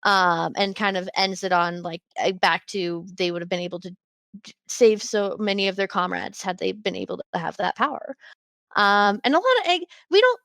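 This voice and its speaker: A woman's voice: medium pitch, animated, moderate pace, fairly bright tone, no echo. Woman, podcast co-host, casual scene recap, lots of "like" and "um", dry close mic. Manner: chatty, retells scenes with quoted lines, filler-heavy.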